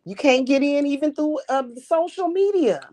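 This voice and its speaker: A woman's voice: high-pitched, expressive, normal speed, mellow. A woman ranting heatedly on a livestream, cursing often, repeating words when worked up and calling her viewers y'all. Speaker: livestream host.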